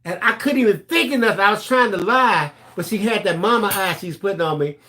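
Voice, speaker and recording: Co-hosting a live crafting stream, a middle-aged man tells a story in casual chat, acting out the voices of its characters and laughing through his lines. His voice is high and his pace a little quick.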